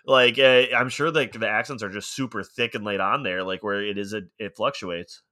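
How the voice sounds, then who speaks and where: Man, podcast co-host, bright tone, rambly, laughs a lot, casual chat. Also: fairly low pitch, moderate pace. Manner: rambling, laughs often, heavy use of "like".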